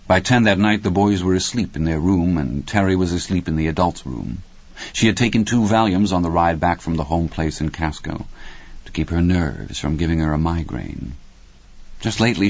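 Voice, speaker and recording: A man narrating an audiobook in a measured, steady reading. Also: deep voice, dry recording. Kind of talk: scripted narration. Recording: dry, slightly muffled studio recording.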